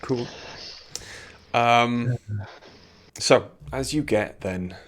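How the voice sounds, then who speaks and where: A man's voice: medium pitch, very slow. A British man running a tabletop game as dungeon master, narrating casually with lots of ums and restarts. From Britain.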